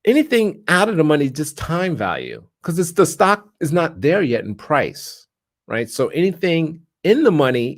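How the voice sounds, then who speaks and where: A man giving a casual, conversational live-stream lesson on trading options. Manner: conversational, chatty, lots of "right?" and restarts, animated pitch. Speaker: stock options trader and streamer.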